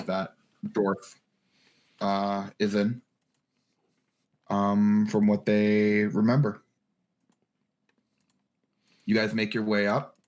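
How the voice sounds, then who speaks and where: A man narrating as game master in an online tabletop game, often pausing with fillers and laughing. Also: lowish voice. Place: home room, online session.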